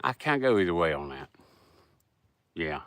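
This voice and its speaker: A man's voice: low-pitched, big pitch swings, normal speed, fairly bright tone, no echo. A middle-aged man with a Southern US accent, hosting a casual livestream and rambling in a folksy way as he answers chat. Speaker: livestream host.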